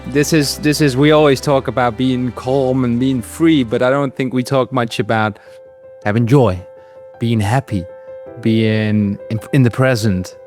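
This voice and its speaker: A man's voice: medium pitch, fairly even intonation, measured pace, darkish tone, soft background music. A man hosting an interview as an anxiety coach, talking casually and often stammering and repeating words.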